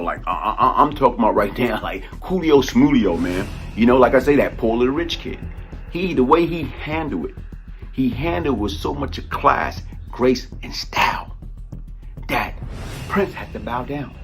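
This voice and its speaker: A man telling a street story casually, rambling and animated, with plenty of fillers. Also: medium pitch, moderate pace, soft background music.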